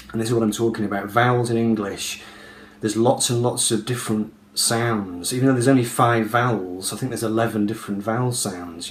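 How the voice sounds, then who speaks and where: A man giving a casual, methodical pronunciation lesson to camera, repeating example words with hard emphasis. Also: fairly low pitch. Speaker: video creator explaining pronunciation. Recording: echoey room with faint background hum.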